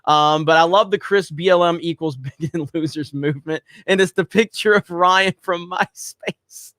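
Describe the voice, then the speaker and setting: A man's voice: on the high side, moderate pace, a bit bright, dry recording, clean studio sound. A man hosting a casual livestream, rambling with lots of fillers as he reads out viewer messages. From United States. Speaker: livestream host reading super chats.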